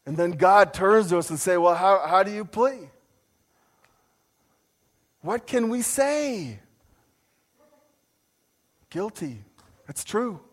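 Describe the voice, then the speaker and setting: Animated storytelling male preacher. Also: slow, long pauses. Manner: animated storyteller, voice jumps high when mimicking outrage; self-deprecating humor. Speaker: pastor. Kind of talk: sermon with personal story.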